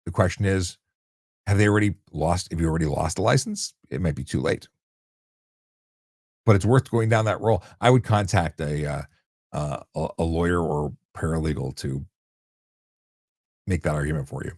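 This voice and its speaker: A man's voice: low-pitched, moderate pace, long pauses, a little mellow, dry recording, studio quality. A man hosting a casual live question-and-answer stream about traffic law, talking bluntly and conversationally with frequent restarts. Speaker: host answering viewer questions.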